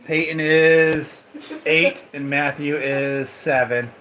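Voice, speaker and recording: A man hosts a casual live stream from home, his voice sitting a little high for a man. He chats directly to viewers and keeps reading their comments aloud, recorded on a handheld phone with a faint hiss behind him. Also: steady tone, slow, a bit bright, rough recording. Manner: chatty, talks straight to viewers and reads their comments aloud. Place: at home indoors. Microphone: phone held in hand.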